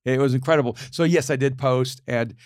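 A middle-aged man in a casual conversation, animated, laughing often and repeating words as he starts sentences. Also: mid-range voice, brisk, no room sound, studio quality.

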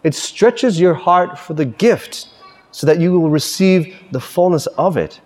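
A man giving a Catholic homily with animated, lively storytelling. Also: a little high, a little slow, long reverb tail. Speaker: Catholic preacher. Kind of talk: sermon.

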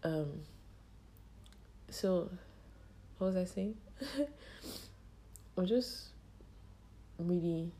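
A young woman hosting a podcast, telling a personal story in a halting, tearful way with a strained, choked-up voice. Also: lowish voice, expressive, warm tone. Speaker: podcast host. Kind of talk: personal monologue.

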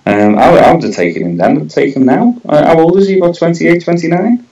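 A man's voice: fairly high pitch, animated, fast, warm tone, faint music behind, rough recording. A man with a Scouse accent, co-hosting a casual football podcast, hesitant and full of tag questions. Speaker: podcast co-host.

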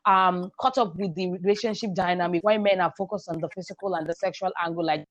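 A woman educator explaining her ideas in a measured, emphatic way on a podcast. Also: lowish voice, steady tone, no room sound, highs cut off. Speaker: guest, sexual and reproductive health educator. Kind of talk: podcast conversation.

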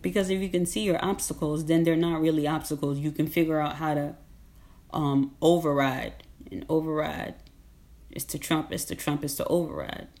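A woman with a very low voice delivers a casual, rambling monologue. She talks emphatically in slang, laughs often, and circles back to repeat her points. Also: moderate pace, a little mellow.

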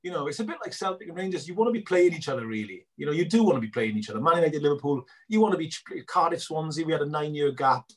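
Man, middle-aged, animated storyteller, husky, quick delivery. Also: fairly high pitch. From Wales. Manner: animated storyteller acting out both sides of conversations. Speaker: guest filmmaker. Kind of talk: casual interview chat.

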